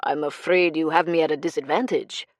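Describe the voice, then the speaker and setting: Brief: a woman doing a slick male swindler in an audiobook, oily charm with menace underneath, low and dry. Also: expressive, normal speed, dry recording. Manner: fake charm turning cold and cruel. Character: smooth adult male con man, menacing.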